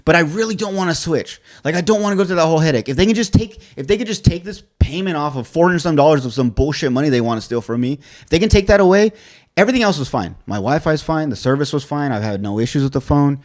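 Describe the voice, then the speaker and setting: A man's voice: a little high, expressive, fast. A man co-hosting a podcast, telling a frustrating story in casual chat, swearing a lot and quoting both sides of the conversation. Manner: profane, exasperated storytelling with quoted dialogue. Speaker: podcast co-host.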